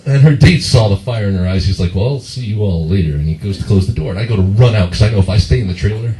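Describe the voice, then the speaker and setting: A young man from Las Vegas doing a stand-up comedy set in a comedy club, animated, slipping into high squealing voices for the people he quotes. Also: fast talker. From Las Vegas, Nevada. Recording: echoey club heard from a distance.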